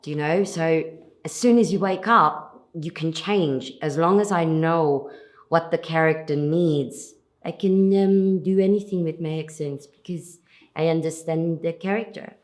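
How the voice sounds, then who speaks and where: A South African woman speaks in a very deep register for a woman, taking her time over each phrase. She sounds earnest and reflective, stacking repeated phrases one after another as an actress being interviewed. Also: measured pace. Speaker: lead actress, interview guest. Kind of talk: interview answers.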